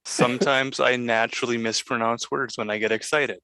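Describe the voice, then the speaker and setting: Bright, crisp Midwestern man. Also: medium pitch, steady tone, no room sound. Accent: Midwestern American. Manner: slow, deliberate enunciation. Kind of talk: casual chat.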